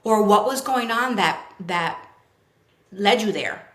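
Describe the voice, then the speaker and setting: A woman's voice: mid-range voice, expressive, takes it slowly, fairly bright tone. A woman with a New York accent, a child therapist chatting casually as a podcast guest and acting out what kids say. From Brooklyn. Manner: chatty, many fillers, acts out kids' quotes. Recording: roomy echo.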